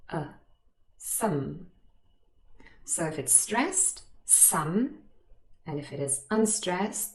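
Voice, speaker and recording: A woman teacher giving a pronunciation lecture, saying example words slowly and deliberately. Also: deep voice, a little mellow, echoey room. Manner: slow, deliberate modeling of sounds.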